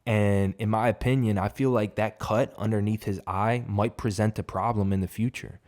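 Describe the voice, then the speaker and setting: A man's voice: lowish voice, fairly even intonation, moderate pace, darkish tone. A man giving a casual, profane fight reaction, rambling and emphatic. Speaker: MMA reaction host.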